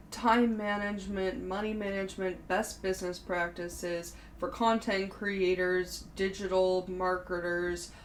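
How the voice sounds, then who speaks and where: A woman's voice: mid-range voice, slight background noise, low-quality recording. A woman in her thirties hosting her own podcast, talking candidly in a casual, chatty way with frequent fillers. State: briefly tearful. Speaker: podcast host. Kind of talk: casual solo podcast chat.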